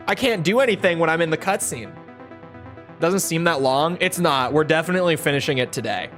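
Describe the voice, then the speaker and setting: Young guy streamer, kinda high voice, sarcastic and nitpicky, chatty, faint music behind. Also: expressive, a little fast. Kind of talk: casual gameplay commentary.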